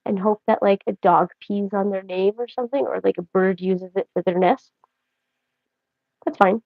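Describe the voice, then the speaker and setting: A woman chats to her viewers in a loose, joking, rambling way. Her voice sits at a middle pitch. The audio is dry and slightly dull, like a lo-fi stream mic. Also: fairly even intonation, normal speed, vocal fry, no echo. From Canada. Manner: rambling, chatty and joking, talks straight to viewers. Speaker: livestream host. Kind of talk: casual livestream chat.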